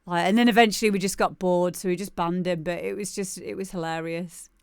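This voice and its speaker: A woman's voice: on the low side, steady tone, a little fast, smooth, no echo, clean studio sound. A woman hosting a live music demo show, chatting casually and laughing often. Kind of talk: casual live-stream chat.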